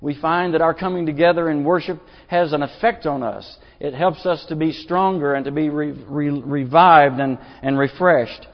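Preacher guy, kinda high voice, folksy sermon, long church echo. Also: moderate pace, few pauses. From Arkansas. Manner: earnest, folksy, with repeated restarts. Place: church sanctuary. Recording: dull lo-fi sound, long church reverb.

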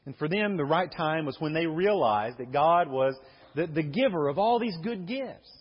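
A man's voice: on the high side, sing-song, a little slow, husky. A male pastor preaching a sermon earnestly, asking rhetorical questions and repeating key phrases. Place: church sanctuary. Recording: muffled sermon audio with long hall reverb.

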